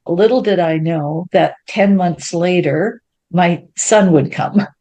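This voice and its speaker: A woman, an interview guest telling her life story in a lively way and acting out what people said. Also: on the low side, slow. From Ontario, Canada. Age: 70s. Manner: animated, acts out quoted speech in a raised voice.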